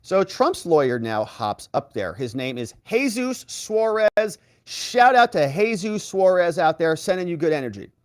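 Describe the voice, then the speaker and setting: Animated man recapping a trial. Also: sits high, a little slow, few pauses, no echo, studio quality. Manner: lively, acts out quoted people. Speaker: legal commentator host. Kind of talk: animated courtroom recap commentary.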